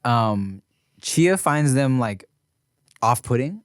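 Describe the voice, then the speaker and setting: A man's voice: medium pitch, expressive, takes it slowly, clean tone, dry recording, clean studio sound. Brief: laid-back man, profane podcast co-host. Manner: loose, profane, slangy banter. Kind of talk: casual chat.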